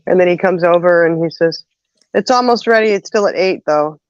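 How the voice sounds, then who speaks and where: A woman's voice: on the low side, a little fast, no echo. A woman hosting a casual livestream chat, telling stories with frequent laughter. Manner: chatty storyteller, laughs often. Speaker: host of a live chat show. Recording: dull lo-fi dry sound.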